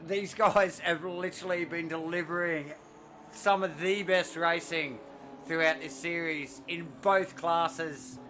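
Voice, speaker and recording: A man, commentating a sim race live, excitable and out of breath, rambling with fillers. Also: on the high side, takes it slowly, a little hiss or hum.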